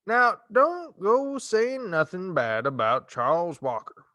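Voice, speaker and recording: A man's voice: high voice, animated, pushed and bright, no echo, studio quality, pitched above the performer's own voice, exaggerated voice. Man putting on a drawling drunk sheriff. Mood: leering drawl. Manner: slow drawl. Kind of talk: audiobook character voice.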